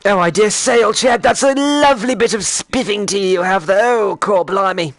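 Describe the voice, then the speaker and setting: A man's voice: sits high, moderate pace, fairly bright tone, no room sound, pitched above the performer's own voice. A blustering posh British gent, put on by a young man. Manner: exaggerated, blustering, full of old-fashioned slang. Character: stereotypical posh British gentleman, fussy.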